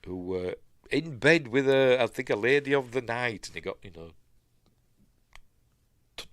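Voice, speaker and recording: A man's voice: mid-range voice, lively intonation, unhurried, fairly bright tone. A man with a Yorkshire accent hosting a casual live stream, rambling as he reads news and chat comments aloud and adds his own asides. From Yorkshire, England.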